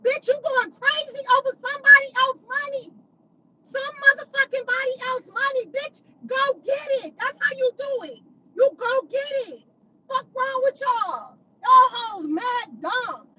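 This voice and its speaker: A very high-pitched, bright woman lashes out at critics on a livestream, confrontational and profane. She hammers the same insults over and over into her phone, with a faint hum of a vehicle behind her. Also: poor audio. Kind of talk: angry livestream rant.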